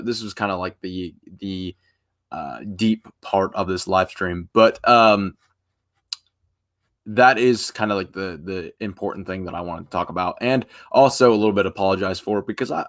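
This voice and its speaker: A tired young man chatting casually on a live stream, rambling in an informal way and trailing off softly at the ends of phrases. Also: fairly low pitch.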